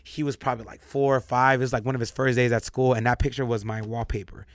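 A man's voice: mid-range voice, little pitch movement, quick pace, dry recording, clean studio sound. A young adult man hosting a podcast, talking candidly and emphatically in casual chat, often repeating himself for stress. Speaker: podcast host.

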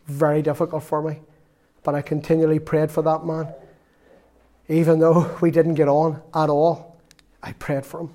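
A man's voice: on the high side, dark tone. Earnest Northern Irish man preaching. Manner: earnest storytelling with quoted dialogue. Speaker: lay preacher. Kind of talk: sermon.

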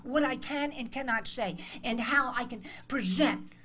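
A woman from the United States in her sixties gives interns a motivational speech in a conference hall, her voice a little high, a little slow, pushed and bright. She's emphatic and passionate, acting out dialogues.

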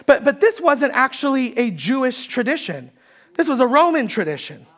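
A high-pitched woman delivers a Sunday sermon. She preaches emphatically, repeating her key points and building force as she quotes scripture. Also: big pitch swings, normal speed. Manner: emphatic preaching, repeating key phrases, rising when quoting. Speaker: pastor.

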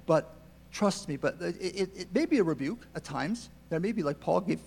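A man speaking as a counselor guest in a church interview, earnest and halting, often repeating words. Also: on the high side, expressive, creaky, darkish tone, slightly rough. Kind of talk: answering questions in a church interview. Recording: long hall reverb.

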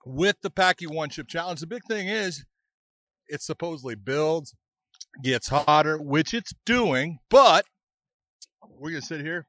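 Man, podcast co-host, teasing, loud laughs, high voice. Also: gravelly, no echo. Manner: teasing, laughing loudly, goading. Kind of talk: casual chat, teasing.

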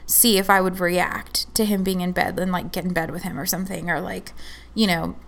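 A woman's voice: fairly low pitch, fairly even intonation, fairly quick, creaky. Chatty young woman telling a story. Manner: chatty, fillers of "like", acts out quoted dialogue. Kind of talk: casual storytelling chat.

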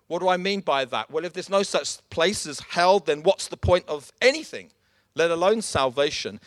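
A man's voice: fairly high pitch, a bit bright, no room sound, clean studio sound. A man preaching a sermon, emphatic and direct, calling his listeners folks.

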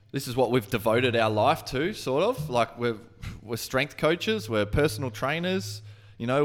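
A man's voice: mid-range voice, a bit bright. A man co-hosting a podcast, chatting casually, rambling and swearing freely. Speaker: podcast co-host.

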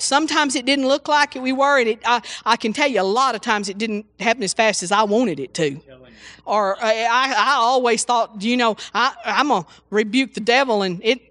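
A woman's voice: high voice, fairly bright tone, no echo. A woman preaching an informal sermon, exclaiming hallelujah often and restarting her sentences.

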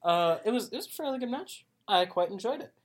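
A woman's voice: mid-range voice, animated, fast. A Canadian woman co-hosting a podcast in casual chat, rambling, swearing freely and restarting her sentences. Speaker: podcast co-host.

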